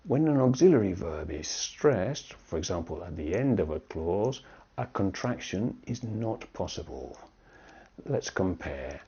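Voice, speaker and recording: A man teaching an online English grammar lesson, speaking slowly and checking in with "yes?" after almost every point. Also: low-pitched, sing-song, mellow, husky. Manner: slow, checks in with "yes?" often. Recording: dull lo-fi sound.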